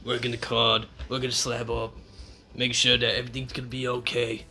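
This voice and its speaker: A man putting on an Australian accent, narrating his friend like a wildlife documentary in a slow, hushed way. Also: medium pitch, completely flat delivery, creaky. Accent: put-on Australian.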